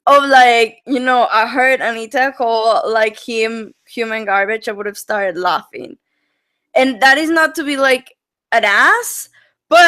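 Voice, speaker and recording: A bright, fairly high-voiced young woman with a Mexican accent chats on a video call as the host. She talks in an animated way, full of fillers and quick laughs. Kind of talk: casual online chat.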